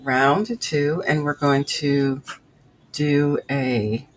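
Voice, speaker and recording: A woman's voice: low-pitched, steady tone, drawn-out words, slight background noise, poor audio. A woman hosting a live crochet tutorial, counting stitches aloud and chatting with viewers as she works. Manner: chatty, reads and answers live chat. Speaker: crochet livestream host.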